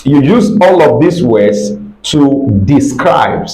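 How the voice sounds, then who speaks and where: A man teaching exam strategies in a slow, deliberate way, often checking in with the listener. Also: mid-range voice, animated, warm tone, roomy sound, poor audio. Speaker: test prep teacher.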